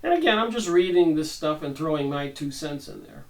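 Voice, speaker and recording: A man's voice: fairly high pitch, lively intonation, a little fast, recorded from a distance, rough recording. Rambling man reading aloud. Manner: conversational, rambling asides. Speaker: channel host reviewing a book.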